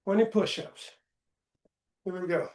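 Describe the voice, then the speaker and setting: A man's voice: sits high, a little mellow. A male fitness coach leading a live workout, counting reps aloud between short chatty asides, straining from the effort. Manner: slow, deliberate counting while exercising, with brief chatty asides. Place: indoor gym studio. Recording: echoey gym room.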